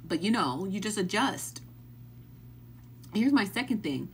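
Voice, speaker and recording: A woman's voice: mid-range voice, expressive, measured pace, slight background noise. A woman hosting a live stream, chatting casually and asking the same baffled questions again and again while thanking viewers as they join.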